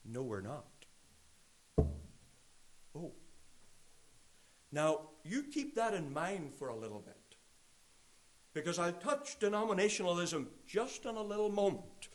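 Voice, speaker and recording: A man preaching a sermon to a church gathering, stressing key phrases slowly and dropping into quiet asides. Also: high voice, expressive.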